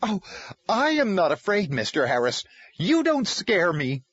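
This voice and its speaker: Furious bossy woman official, raised husky voice , put on by a male reader, dry muffled take. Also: high voice, huge pitch swings, fairly quick, no room sound, voice pushed up, full character voice. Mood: outraged. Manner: indignant, trembling with rage. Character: angry controlling middle-aged woman official.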